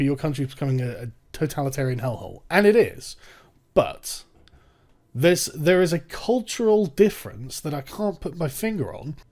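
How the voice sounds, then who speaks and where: A man's voice: on the high side, darkish tone. A young English man giving casual, sarcastic commentary on an article he reads out, swearing and laughing now and then. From England. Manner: sarcastic, swearing, breaks into mocking put-on voices and laughs. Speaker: commentary channel host.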